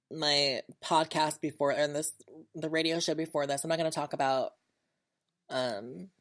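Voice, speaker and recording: A woman hosting her own podcast, talking candidly and chattily in a casual solo monologue, often repeating herself as she goes. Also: deep voice. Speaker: podcast host.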